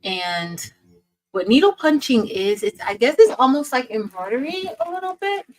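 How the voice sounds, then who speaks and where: A woman's voice: high voice, very animated, moderate pace, rough recording. A woman hosting a casual craft livestream, greeting viewers by name in an upbeat, chatty way.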